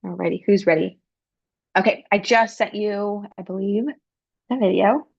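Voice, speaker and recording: A woman interpreting for a panelist, telling a story in an expressive, animated way. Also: mid-range voice, normal speed, vocal fry, slightly rough, dull audio. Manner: animated, expressive, breaks into character voices. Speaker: sign language interpreter voicing a panelist.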